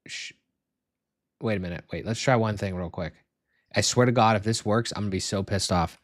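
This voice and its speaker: A young man streaming live as he sets up software, swearing and muttering in frustration as he talks to himself and his viewers. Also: lowish voice, fairly quick, no echo, clean studio sound.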